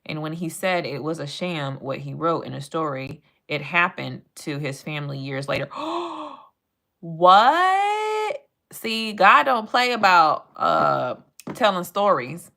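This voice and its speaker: A woman's voice: low-pitched, moderate pace, gravelly, hardly any pauses, sharp tone. A young woman chatting playfully with her live-stream chat and reading animal facts aloud.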